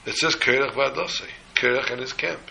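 A man's voice: medium pitch, steady tone, fairly quick, vocal fry, sharp tone, slight background noise, rough recording. A man preaching a sermon, telling a parable in an emphatic way and mixing in Hebrew and Yiddish terms. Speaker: rabbi.

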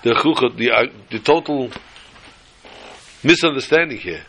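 A man giving a sermon as a rabbi, telling it as a lively story and mixing in Hebrew and Yiddish terms. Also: medium pitch, normal speed, vocal fry, a little hiss or hum, poor audio. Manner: animated storyteller who acts out joke characters.

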